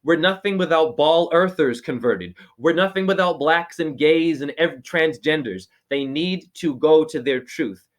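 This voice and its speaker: A somewhat high-voiced man talks over a video call as a spiritual teacher. He is preachy and rambling, and his voice jumps up in sudden excited exclamations. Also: measured pace, few pauses. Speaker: spiritual teacher giving a name reading.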